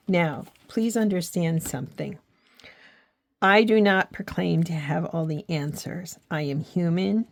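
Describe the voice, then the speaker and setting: A woman's voice: lowish voice, no room sound. A middle-aged woman from the United States chatting earnestly while she crafts, reflective and close to tears at times. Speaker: craft and faith vlogger. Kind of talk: casual heartfelt chat while crafting.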